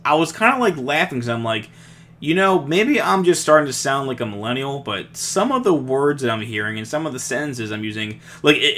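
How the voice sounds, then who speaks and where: A young man co-hosts a podcast in casual chat, rambling, restarting his sentences, and laughing often. His mid-range voice has a sharp tone.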